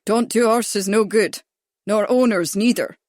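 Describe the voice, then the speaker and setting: A woman voicing a gruff, brusque male horse trainer who speaks curtly, in an audiobook. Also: medium pitch, unhurried, a little mellow, no room sound, studio quality, natural voice. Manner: brusque, curt. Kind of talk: audiobook character voice.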